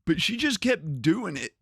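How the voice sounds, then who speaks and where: A man's voice: high-pitched, huge pitch swings, slow, gravelly, slightly rough, no room sound, clean studio sound. A man streaming a game, chatting casually and telling funny stories he often laughs through. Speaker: gaming streamer. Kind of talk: casual storytelling while playing a game.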